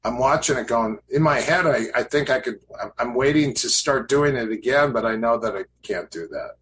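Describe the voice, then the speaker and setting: A man's voice: mid-range voice, moderate pace, a bit bright, a little hiss or hum, poor audio. A man in his fifties, a podcast guest, casually telling stories about his past training, rambling with fillers and restarts. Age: 50s. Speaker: podcast guest, grappling coach. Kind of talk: casual interview storytelling.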